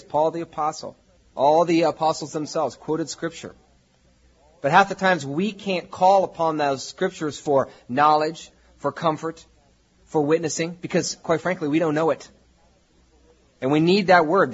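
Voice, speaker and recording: A man preaching to his congregation in a husky, somewhat high voice. He talks in a conversational way and builds to emphatic peaks. The recording is dull and lo-fi. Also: steady tone, moderate pace. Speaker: pastor. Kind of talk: sermon.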